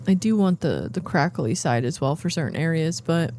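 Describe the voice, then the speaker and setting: Tired woman streamer, lowish voice, rambling game commentary over faint background noise. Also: expressive, normal speed. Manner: thinking out loud, rambling, playful. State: yawning, tired. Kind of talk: casual gameplay commentary.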